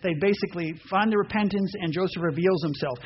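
Animated guy preaching, pretty high voice, bit muffled sound. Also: fast talker. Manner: animated, acts out voices and reads scripture aloud. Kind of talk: sermon. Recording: dull muffled sound with faint noise.

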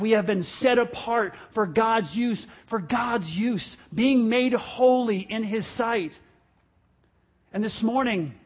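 A man in his fifties preaching a sermon to a church congregation, impassioned and swinging from hushed lines to shouting. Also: sits high. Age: 50s. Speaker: pastor. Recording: dull lo-fi sermon recording.

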